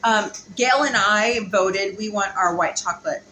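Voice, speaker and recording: Bright-voiced chatty woman hosting at home. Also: mid-range voice, measured pace. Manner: chatty, many ums. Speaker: vlog host and mother. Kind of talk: casual chat. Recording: roomy, light background hiss.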